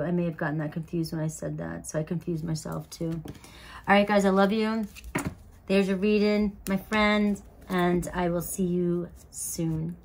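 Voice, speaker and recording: A woman's voice: on the low side, a little mellow. Chatty woman giving a tarot reading. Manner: chatty, peppered with "all right". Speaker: tarot reader. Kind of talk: casual tarot reading to camera.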